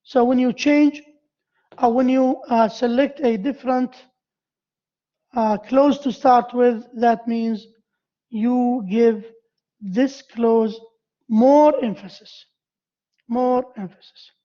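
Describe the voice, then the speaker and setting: A male university lecturer giving a grammar lesson to a class, halting and repeating himself as he quizzes his students. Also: very high voice, fairly even intonation, lo-fi sound.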